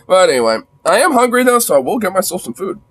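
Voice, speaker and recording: A man's voice: high-pitched, a bit bright. A man chatting casually with his viewers on a livestream, crude and joking. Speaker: streamer.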